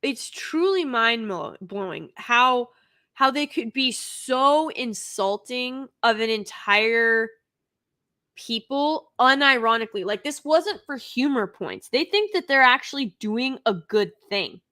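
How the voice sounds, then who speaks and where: Woman host of a live review stream, fairly high voice, speaks slowly and hits her points with indignant emphasis. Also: expressive, pushed and bright. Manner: indignant, emphatic, with sighs and restarts. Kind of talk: unscripted live review commentary.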